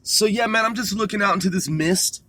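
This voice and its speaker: A man's voice: high-pitched, a little fast, sharp tone, no echo. A man hosting a rambling solo talk from a car, loose and profane, laughing at himself. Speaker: podcast host.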